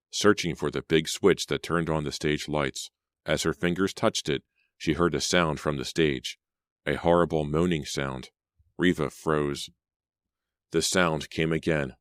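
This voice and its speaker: A male audiobook narrator with an extremely deep voice reads in a steady, suspenseful way. The recording is close and dry, with no room sound at all. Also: dry recording. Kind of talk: scripted narration.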